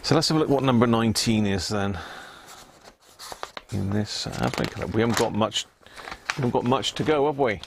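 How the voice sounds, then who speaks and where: A man's voice: medium pitch, brisk, gravelly, long pauses, a little hiss or hum. A man hosting a casual live stream, chatting with viewers and reading labels aloud with little chuckles. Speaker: livestream host.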